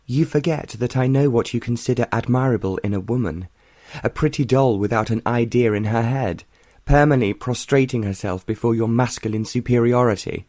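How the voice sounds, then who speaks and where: A male audiobook reader voicing a spirited, quick-tempered young woman who answers with sharp, scornful retorts. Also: medium pitch, no room sound, voice pushed up, close to an everyday voice.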